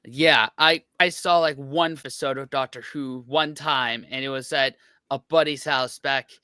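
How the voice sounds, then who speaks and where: A man's voice: medium pitch, fairly even intonation, unhurried, pushed and bright, clear, resonant tone, no echo, clean studio sound. An American man in young adulthood hosting a reaction video in a laid-back, jokey way. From United States. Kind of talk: casual reaction chat.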